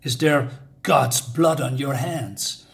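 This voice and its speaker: A man's voice: medium pitch, slow, vocal fry. A man voicing a stern, no-nonsense thunder god, reading the lines plainly with small slips.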